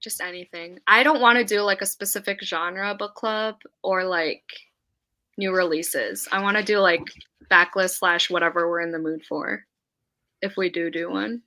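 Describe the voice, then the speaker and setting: A woman's voice: on the low side, normal speed, sharp tone. A young woman hosting a casual livestream chat, giggly and chatty with plenty of swearing. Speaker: livestream host.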